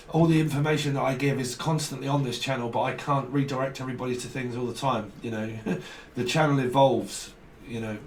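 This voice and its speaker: A man talks through a tarot spread in a blunt, casual way. He swears freely and circles back over the same phrases. His voice sits at a middle pitch and sounds off-mic in a roomy space with faint noise behind it. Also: fairly even intonation, fairly quick, hardly any pauses, recorded from a distance. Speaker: tarot reader. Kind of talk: casual tarot reading to camera.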